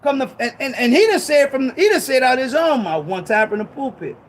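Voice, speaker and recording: A man in impassioned, preachy talk on a ministry show, emphatic and repetitive, with casual slang, at times rising to shouts. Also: very high voice, lively intonation, brisk. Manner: conversational street slang.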